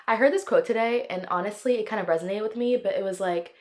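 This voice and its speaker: A woman's voice: mid-range voice, quick pace, background noise. A woman hosting her own solo podcast, chatting casually in a sassy, opinionated, dramatic way, sometimes stretching words in a sing-song. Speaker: podcast host.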